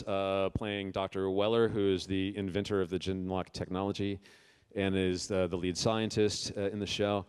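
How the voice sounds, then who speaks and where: A man's voice: on the low side, a little mellow, clean tone. A man hosting a convention panel as director, talking casually with frequent fillers and restarts. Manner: halting, full of filler words and restarts.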